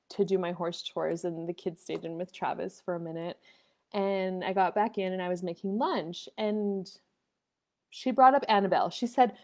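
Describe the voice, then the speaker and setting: A woman's voice: medium pitch, darkish tone. A woman hosting a live online coffee chat, telling a story casually with restarts and acted-out quoted dialogue.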